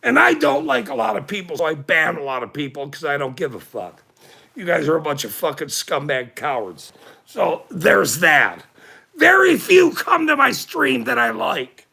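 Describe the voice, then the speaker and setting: A man's voice: a little high, sing-song, moderate pace, gravelly, sharp tone, husky. A middle-aged man hosting a livestream, ranting at his chat in a profane, combative way with frequent laughs. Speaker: livestream host.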